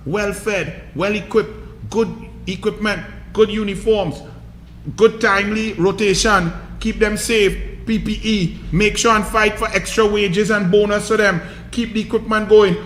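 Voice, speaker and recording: A man's voice: high-pitched, fairly bright tone, echoey room, a little hiss or hum. A man with a Trinidadian accent hosting a political commentary show, scolding and mocking his targets in a combative rant.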